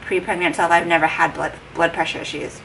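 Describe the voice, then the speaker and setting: A woman's voice: fairly low pitch, level tone, fairly quick, gravelly, a bit bright. A heavily pregnant young woman chatting casually to her vlog camera at home, retelling a conversation with lots of "like" and quoted dialogue. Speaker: vlogger. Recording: distant mic with faint background noise.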